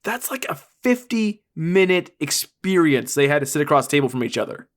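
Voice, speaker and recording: A man's voice: on the high side, big pitch swings, brisk. A male podcast co-host riffs on a film in casual chat. He is dry and sarcastic, mocking what he describes, and laughs often between remarks.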